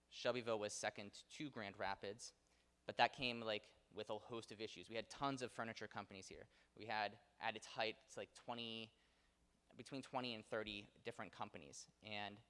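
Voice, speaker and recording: Low-voiced man lecturing in a hall. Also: fairly bright tone, clear, resonant tone. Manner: conversational with frequent fillers and self-corrections. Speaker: local history lecturer. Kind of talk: public history lecture. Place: theater auditorium. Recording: long hall reverb.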